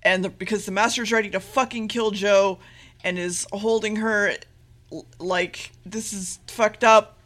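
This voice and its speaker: A woman's voice: mid-range voice, fairly even intonation, a little slow, a bit bright. A woman podcast co-host casually recapping a TV episode, rambling and swearing freely, with offhand acted quotes.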